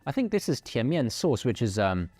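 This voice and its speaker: A man hosting a casual food review, playful and animated as he describes each dish. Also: medium pitch, normal speed, dry recording, faint music behind. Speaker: food show host.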